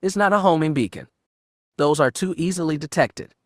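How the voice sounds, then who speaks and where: A man voices a gruff, terse bounty hunter, pitched above his own voice yet close to an everyday one. The delivery is expressive at normal speed, somewhat high, on a dry, studio-quality recording.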